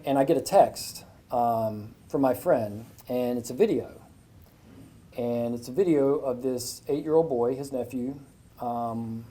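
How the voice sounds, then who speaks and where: A man's voice: mid-range voice, mellow. A man giving an inspirational speech with a faith message at a breakfast event, telling a story in a conversational way. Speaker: guest speaker at a business breakfast.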